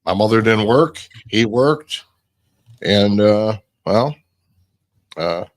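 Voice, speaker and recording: A man's voice: lowish voice, expressive, slow, no room sound. A man co-hosting a talk show, talking in a rambling, hesitant way. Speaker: co-host. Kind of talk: casual chat.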